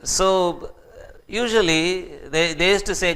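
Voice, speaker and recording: A man's voice: high-pitched, takes it slowly. A man giving a classroom lecture as a professor, acting out quoted speech as he explains. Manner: animated, acts out quoted speech.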